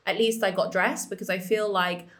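A woman's voice: medium pitch, fairly even intonation, normal speed, a bit bright. A woman co-hosting a podcast, chatting frankly with lots of fillers and encouraging her friend. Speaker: podcast co-host. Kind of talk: casual podcast chat.

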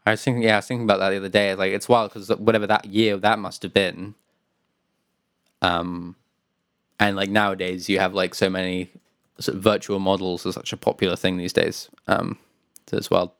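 A man chats loosely about video games as a podcast co-host. His voice sits a little low and sounds close and dry, and he laughs often and trails off into fillers. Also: level tone, brisk, fairly bright tone, smooth, no room sound.

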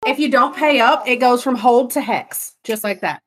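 A woman co-hosting a podcast in casual chat, animated and giggly as she tells a story and directs her partner. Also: a little high, moderate pace. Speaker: podcast co-host.

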